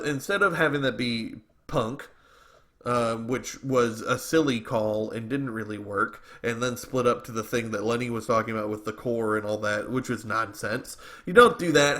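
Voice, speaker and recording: A man's voice: mid-range voice, a bit bright. A man co-hosting a wrestling podcast, talking in a casual, opinionated, rambling way, often restarting his sentences. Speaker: podcast co-host. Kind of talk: casual wrestling commentary chat.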